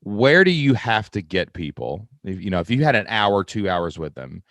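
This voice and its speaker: A man from Kentucky hosting a podcast, chatty and quick to laugh, full of "like" and "right?". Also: on the low side, very animated, a bit bright, dry recording, studio quality. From Kentucky, USA. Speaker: podcast host. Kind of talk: podcast interview.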